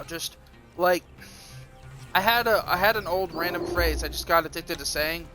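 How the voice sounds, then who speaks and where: A man's voice: high voice, normal speed, sharp tone, faint music behind. A man streaming live, ranting in a profane, defiant and self-mocking way. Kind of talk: rambling livestream monologue.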